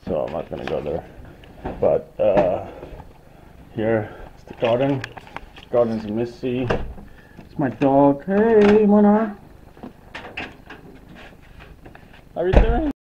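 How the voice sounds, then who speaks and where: A man's voice: lowish voice, normal speed, long pauses, dark tone, lo-fi sound, slight background noise. A young man chatting casually to his viewers in a home vlog, loose and rambling with fillers and restarts. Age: young adult. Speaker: vlogger. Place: family home and garden.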